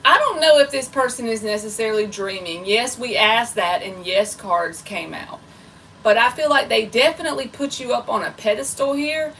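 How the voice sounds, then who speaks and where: A woman's voice: on the high side, moderate pace, fairly bright tone, distant mic, a little hiss or hum, poor audio. A woman giving a live tarot reading in a chatty, playful way. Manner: chatty and playful, self-described goofy. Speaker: tarot reader.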